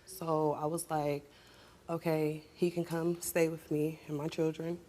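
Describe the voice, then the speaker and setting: Upset young woman, low voice. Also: little pitch movement, unhurried, a little hiss or hum. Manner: urgent and upset, voice rising into sharp confrontation. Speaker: talk show guest. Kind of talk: emotional personal account, then heated argument. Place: TV studio stage.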